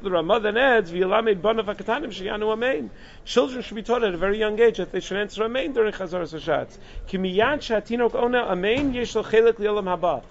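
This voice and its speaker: Man, high voice, rabbi teaching a law class, animated lecture, dull lo-fi sound. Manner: lively, animated lecturing with Hebrew terms. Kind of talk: halacha class. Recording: dull lo-fi recording.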